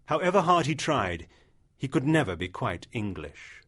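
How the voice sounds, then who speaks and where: A man's voice: mid-range voice, very animated, a bit bright. Man reading a classic short story. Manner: measured, storytelling. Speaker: audiobook narrator. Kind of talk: literary audiobook narration.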